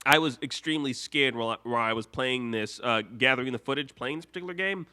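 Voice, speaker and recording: A man's voice: medium pitch, quick pace, bright, forceful tone. A man hosting a casual live stream, chatty and rambling, full of fillers. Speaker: YouTube host.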